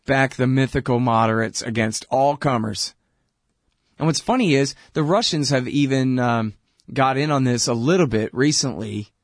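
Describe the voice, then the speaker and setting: A man's voice: medium pitch, creaky, no echo. A man hosting a radio commentary show, talking in a sarcastic, conversational and emphatic way into a close mic. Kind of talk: political commentary monologue.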